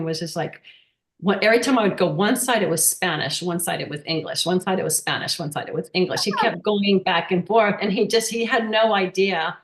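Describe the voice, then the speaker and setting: A woman talking as a guest, telling personal stories in a halting way with many restarts and fillers. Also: on the low side. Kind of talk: casual personal storytelling. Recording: roomy echo.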